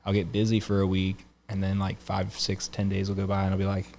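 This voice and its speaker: Guy in his 30s hosting a podcast, low voice, rambles through stories, faint noise behind. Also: monotone, fairly quick, vocal fry, a little mellow. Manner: rambling storyteller, laughs often. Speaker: podcast host. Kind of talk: casual chat.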